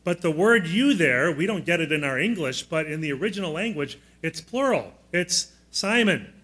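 A man's voice: fairly high pitch, animated, moderate pace, a bit bright. A man preaching a sermon as pastor, plainspoken and teacherly, often putting questions to the congregation and guiding them through fill-in notes. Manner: teaching style, walking listeners through note blanks.

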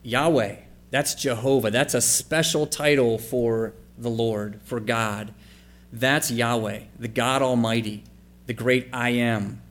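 A man's voice: mid-range voice, steady tone, slow pace, a bit bright. A man preaching a sermon, reading scripture passages aloud and then explaining them in a conversational, questioning way. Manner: asks the congregation questions and spells out letters for emphasis. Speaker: pastor.

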